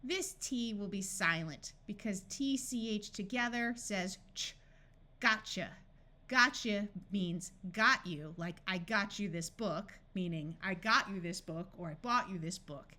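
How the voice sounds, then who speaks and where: Slow, bright-voiced woman phonics tutor. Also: mid-range voice. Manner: slow, clearly enunciated word-by-word reading. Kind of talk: scripted phonics lesson narration.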